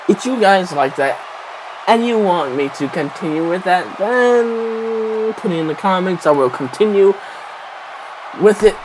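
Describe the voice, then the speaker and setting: A man's voice: a little high, slight background noise, rough recording. A man giving rambling, casual gaming commentary, swearing constantly. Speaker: gameplay commentator.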